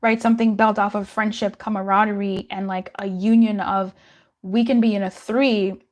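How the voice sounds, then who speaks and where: A woman's voice: medium pitch, little pitch movement, moderate pace. A young adult woman giving a casual live-stream tarot reading, chatty and laughing often, with frequent swearing. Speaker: tarot reader.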